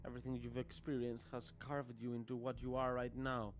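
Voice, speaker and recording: Guy as a proud stern relative, lectures slow and measured, middle-pitched, faint music under. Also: completely flat delivery, close to an everyday voice. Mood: stern lecturing. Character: proud male blood relative, stern and skeptical. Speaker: game master.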